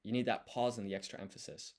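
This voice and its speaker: A man's voice: medium pitch, steady tone, quick pace, darkish tone. A man studying on a livestream, thinking aloud and explaining each step as he writes. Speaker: language learner.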